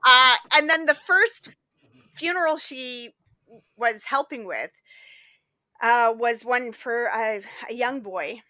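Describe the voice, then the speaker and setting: A woman co-hosting a podcast, chatting casually and retelling a story in a lively way full of fillers. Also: a little high, slow pace, pauses often, dry recording. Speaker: podcast co-host. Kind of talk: casual chat.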